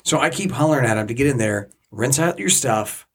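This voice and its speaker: A man co-hosts a casual chat show and vents like a fed-up parent. His voice is husky, and its pitch swings up and down with an animated, exasperated edge. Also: a little fast. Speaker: podcast co-host, parent.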